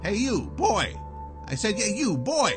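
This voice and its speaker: Blustering comic house defender, played by a man, loud and sarcastic, lively high voice. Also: measured pace, over music. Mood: angry. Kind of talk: comic parody acting.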